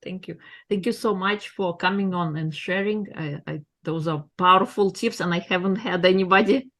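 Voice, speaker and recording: A woman's voice: on the low side, normal speed, a bit bright. A woman hosting a podcast, encouraging her guest in casual talk with slightly uneven phrasing. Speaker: podcast host.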